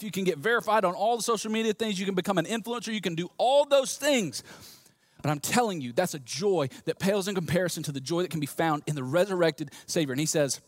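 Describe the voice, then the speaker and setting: A man from the US South, preaching a sermon in an emphatic, animated way, often repeating words as he restarts. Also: high voice, no echo. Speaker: pastor.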